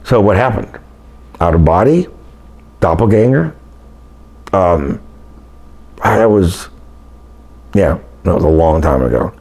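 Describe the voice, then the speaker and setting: A man's voice: low voice, slow, pauses often. Older man telling strange stories. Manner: animated, acts out quoted voices. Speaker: guest telling personal stories. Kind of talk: casual storytelling.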